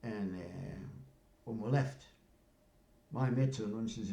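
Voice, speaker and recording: A man's voice: fairly low pitch, measured pace, vocal fry, pauses often, dark tone, a little hiss or hum. An older man, rambling through a casual story and often asking "you know what I mean". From North East England. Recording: roomy echo.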